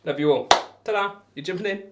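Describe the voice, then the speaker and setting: A man's voice: sits high, quick pace, heavy background noise. A man with a broad Northamptonshire accent chatting casually to viewers on a darts live stream, laid-back and laughing often. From England.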